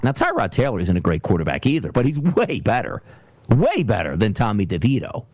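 A man hosting a solo sports talk show, ranting in an animated way and slipping into mocking voices. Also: lowish voice, a little fast, no room sound. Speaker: sports podcast host.

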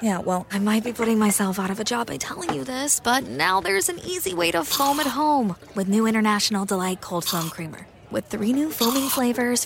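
A woman's voice: fairly high pitch, gravelly, a little hiss or hum. A woman playing a friendly young barista in a commercial, chatty and confiding. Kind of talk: scripted commercial acting.

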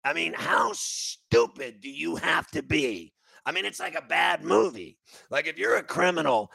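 Brief: male talk host, gravelly and sharp, lively swooping pitch, profane mocking rants. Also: a little slow, no echo. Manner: loud, profane, mocking ranting. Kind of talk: radio talk show rant.

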